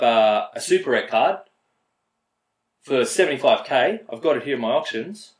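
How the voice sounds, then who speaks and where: A man's voice: mid-range voice, expressive, moderate pace, long pauses, roomy sound, low-quality recording. An Australian man hosting casual gameplay commentary, talking bluntly and swearing freely as he rants. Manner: blunt, profane, ranting. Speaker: mobile game player and channel host.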